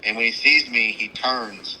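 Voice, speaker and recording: A man, co-hosting a hunting show, telling an animated story with acted-out quotes and sounds. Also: medium pitch, a little slow, slight background noise, poor audio. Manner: animated, acts out the scene with quoted lines and sound imitations. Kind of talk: casual storytelling chat.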